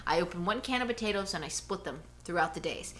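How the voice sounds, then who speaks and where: Bright, animated woman ranting at home. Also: fairly low pitch, fast. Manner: animated, rambling storyteller. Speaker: podcast co-host. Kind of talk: casual chat, ranting. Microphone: cheap headphones mic.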